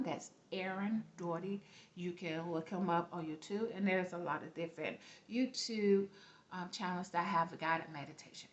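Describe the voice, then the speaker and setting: This spiritual vlogger's voice is medium in pitch with a fairly bright tone as she gives her viewers casual spiritual guidance. Earnest and repetitive, she keeps asking "okay?" and speaks with a light accent she mentions herself. Her audio is dull, lo-fi, and roomy.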